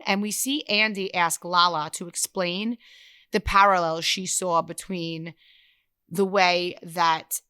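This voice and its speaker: A woman's voice: on the low side, pushed and bright, clear, resonant tone. A woman co-hosting a casual gossip podcast, bluntly recapping reality TV scenes. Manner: brisk storytelling recap, blunt. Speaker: podcast co-host.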